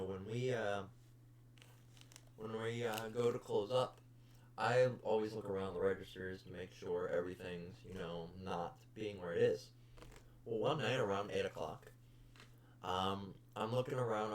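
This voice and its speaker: A young man's voice sits low, with a little hiss or hum in the recording. As host of a casual podcast, he tells an exasperated, profanity-heavy story ranting bluntly about customers.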